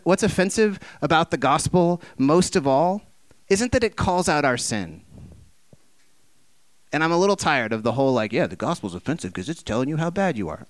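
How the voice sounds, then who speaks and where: A man with a clean tone, captured in a dry recording, preaches with passion and a conversational feel. He peppers listeners with rhetorical questions and dramatizes quoted voices through big changes in pitch and loudness.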